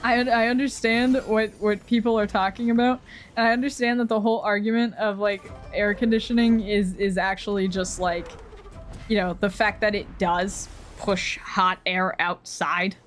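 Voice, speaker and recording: A woman's voice: medium pitch, little pitch movement, normal speed, slight background noise. A young woman streamer chatting casually, ranting in a rambling, profane way with frequent laughs.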